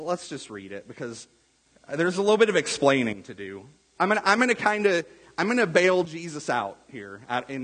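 Husky-voiced man preaching in a reverberant hall. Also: on the high side, fairly bright tone. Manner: casual, conversational, acts out quotes. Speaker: pastor. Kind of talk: sermon.

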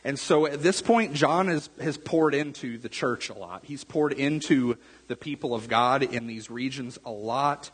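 A man pastor preaching a sermon to his church in a relaxed, conversational way, often repeating words and checking in with the room. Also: medium pitch, unhurried, few pauses, breathy edge. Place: church sanctuary. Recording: long hall reverb.

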